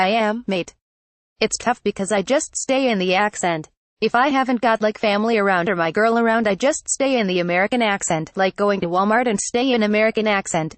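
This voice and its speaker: A text-to-speech woman's voice reading a news article aloud in an even, machine-read delivery. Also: medium pitch, no room sound. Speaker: article reader.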